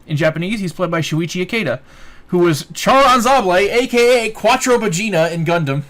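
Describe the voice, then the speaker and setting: A man's voice: high-pitched, expressive, a little fast, a bit bright. A man co-hosting a casual anime podcast, reading off voice-actor credits and swearing freely. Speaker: podcast co-host.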